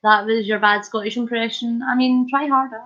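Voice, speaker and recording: A woman's voice: fairly high pitch, fairly even intonation, normal speed, fairly bright tone, highs cut off. A woman hosting a casual live stream, chatting and joking as she reads viewer comments. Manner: chatty, jokey, punning, laughs often. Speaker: livestream host.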